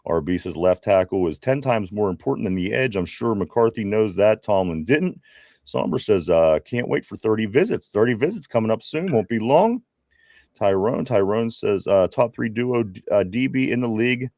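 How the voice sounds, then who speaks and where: Reading out viewer comments on a live sports podcast he co-hosts, this Pittsburgh-accented man keeps it chatty and loose, stumbling through lots of fillers and restarts. His voice sits on the low side with a darkish, expressive tone at normal speed, captured in a dry, clean studio recording.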